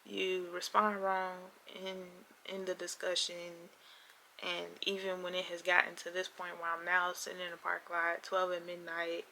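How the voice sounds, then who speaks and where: Gravelly young woman telling a storytime. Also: lowish voice, pushed and bright, slight background noise. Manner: emphatic storyteller who acts out both sides of an argument. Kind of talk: storytime vlog.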